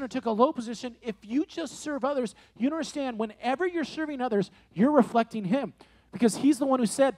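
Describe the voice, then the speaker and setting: A man in his late forties preaching to young people, telling stories in an animated way and repeating key phrases. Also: high-pitched. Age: 40s. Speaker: youth pastor. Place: room with a live audience.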